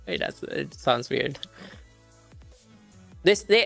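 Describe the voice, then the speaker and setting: Young woman, casual study-stream chat, swears, laughs a lot, quiet music under her. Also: sits low, expressive, takes it slowly, gravelly, pauses often. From India. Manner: reads questions aloud, swears casually, laughs often.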